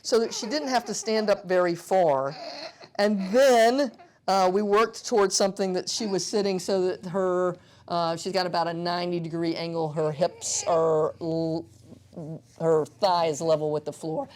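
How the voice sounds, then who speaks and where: A woman pediatric physical therapist gives an instructional demonstration, explaining an exercise and playfully coaxing a young child. Her voice sits on the low side, a little mellow, at a measured pace.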